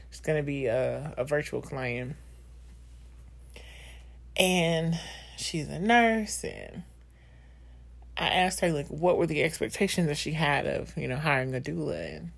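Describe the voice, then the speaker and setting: A woman's voice: low voice, vocal fry. A woman in her thirties hosting a podcast, speaking candidly and emotionally in a personal monologue full of fillers and laughter. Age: 30s. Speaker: podcast host.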